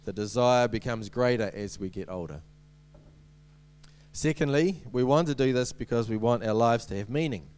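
A man's voice: mid-range voice, lively intonation, moderate pace, darkish tone, smooth. A man giving a sermon as a preacher, in a conversational way with many ums and restarts and light humorous asides.

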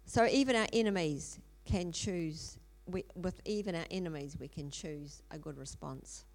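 A middle-aged woman preaching in an earnest storytelling way. Her voice sits a little low and has a gravelly edge. She pauses often with ums and restarts her sentences. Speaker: speaker in a church teaching series. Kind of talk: sermon storytelling.

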